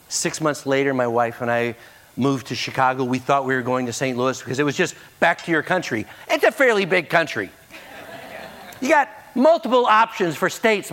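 A middle-aged man preaching a sermon, telling a story and acting out the people in it. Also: medium pitch. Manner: animated, acts out the people in his story.

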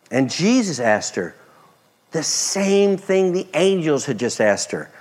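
A man preaching a sermon, expressive, moving between loud emphasis and soft, hushed passages. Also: fairly high pitch, slow. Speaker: pastor.

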